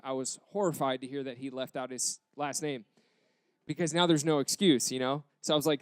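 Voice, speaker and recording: A young American man, a pastor, telling a story in a sermon with animated acted quotes. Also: medium pitch, brisk, smooth, no room sound. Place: church campus.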